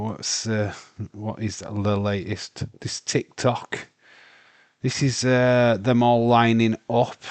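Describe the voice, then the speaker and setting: Rambling British man, low voice. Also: creaky, darkish tone, dry recording. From United Kingdom. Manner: rambling and blunt, with mild swearing and many fillers. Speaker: watch-along streamer. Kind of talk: casual live commentary.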